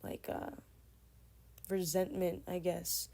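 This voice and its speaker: A woman in her twenties telling a personal story casually, in a meandering, soft-spoken way. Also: fairly low pitch, flat delivery, slow, creaky.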